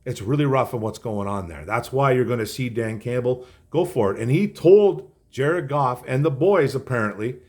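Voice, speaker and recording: A man's voice: medium pitch, lively intonation, moderate pace, hardly any pauses, darkish tone. A man hosting a sports podcast, giving a blunt, fired-up commentary that repeats itself, in a casual monologue.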